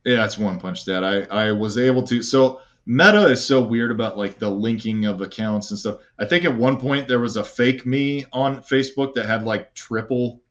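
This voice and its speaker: A man's voice: medium pitch, moderate pace, hardly any pauses, dull audio. A man chatting as a podcast guest, rambling and playful, with many fillers and restarts. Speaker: guest, content creator. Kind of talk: casual podcast chat.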